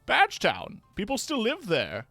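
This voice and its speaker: A man voicing a brash, self-important male newspaper clerk in a game, talking in a loud, smug, bouncy way. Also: high-pitched, very animated, normal speed, no echo, faint music behind, voice pushed up. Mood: brusque.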